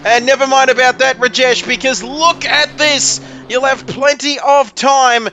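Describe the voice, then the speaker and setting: A man doing excitable, joking play-by-play commentary on a sim race. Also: very high voice, moderate pace, slight background noise.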